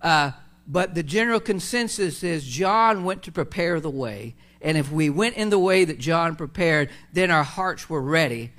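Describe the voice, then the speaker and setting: A pastor preaching a conversational sermon, full of fillers, restarts and asides to the congregation. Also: male voice, fairly high pitch, animated, normal speed, a bit bright.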